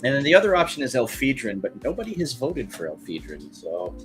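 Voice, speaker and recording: A man's voice: mid-range voice, very animated, a little fast, a bit bright, soft background music. A man streaming as he draws, chatting casually in a loose, rambling way that is full of "like" and "kinda". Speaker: artist streaming while drawing.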